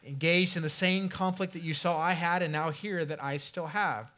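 A man preaching a sermon as a pastor in a conversational way, slowing right down to stress key phrases and trailing off softly at the ends. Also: fairly high pitch, steady tone.

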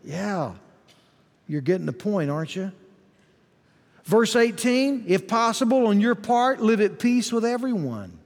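A male pastor preaching a sermon, swinging from soft asides to shouted emphasis. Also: high-pitched, very animated, normal speed. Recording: long hall reverb.

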